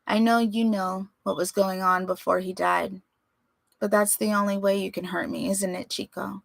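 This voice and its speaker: Icy calm mother, read by a woman, measured and quiet. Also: vocal fry, no echo, lightly acted. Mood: coolly calm. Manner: low, even, measured.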